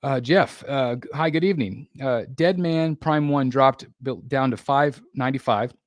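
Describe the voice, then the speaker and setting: A man's voice: mid-range voice, normal speed, dry recording. A man hosting a casual live stream, chatting loosely with viewers and reading their comments, rambling with lots of fillers and restarts. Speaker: livestream host.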